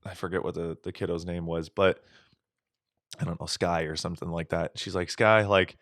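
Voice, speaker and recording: A lower-pitched man co-hosting a podcast, spinning a loose, animated anecdote full of swearing and acted-out bits. The sound is dry and close, with no room around it. He talks in a relaxed, chatty way. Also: a little fast, no echo. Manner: animated, profane, acts out voices in stories. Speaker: podcast co-host. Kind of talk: casual storytelling chat.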